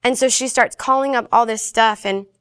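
A woman telling a personal faith story in a casual, animated way, briefly acting out the voices of the people in it. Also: on the high side, moderate pace, smooth, no echo, clean studio sound. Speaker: guest sharing her faith testimony.

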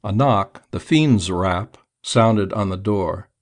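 A man reading a crime story aloud in a measured storytelling manner. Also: lowish voice. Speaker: narrator. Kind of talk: audiobook narration.

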